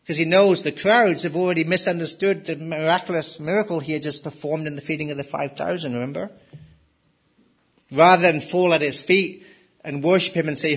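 Male pastor, husky and a touch high, emphatic sermon delivery. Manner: emphatic, rises and drops sharply for stress.

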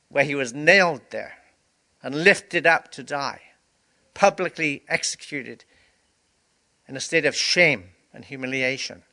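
A man's voice: medium pitch, unhurried, pauses often, pushed and bright. A male pastor giving a communion sermon, preaching earnestly with emphatic repetition, and sniffling and teary.

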